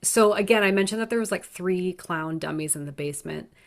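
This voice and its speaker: A woman with a fairly low voice for a woman, recapping a horror film during an easygoing podcast chat. She strings her thoughts together loosely, with plenty of "like". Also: fairly quick, gravelly. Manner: relaxed, filler-heavy recap. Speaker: podcast co-host. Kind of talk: casual movie review chat.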